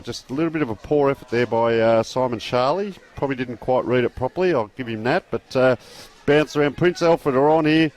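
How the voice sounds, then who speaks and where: Chatty Australian footy commentator, man. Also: a little high. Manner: chatty, relaxed, folksy asides. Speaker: football commentator. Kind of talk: live sports commentary.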